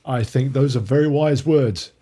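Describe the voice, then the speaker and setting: A man with a British accent co-hosting an interview, talking in a dry, low-key way. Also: normal speed, mellow, a little hiss or hum. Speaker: podcast co-host. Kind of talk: casual interview chat.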